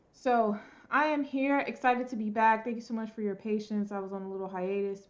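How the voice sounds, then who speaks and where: A chatty woman opens a tarot pick-a-card reading for her viewers, speaking informally and with excitement. Her voice sits in a middle range for a woman. The home recording sounds a little dull and lo-fi. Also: mid-range voice. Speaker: tarot reader and channel host.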